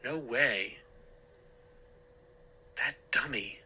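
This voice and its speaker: A man's voice: mid-range voice, drawn-out words, pushed and bright, slightly rough, heavily acted. A man voicing a frantic boy who stammers and pleads that he is innocent. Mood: insistent.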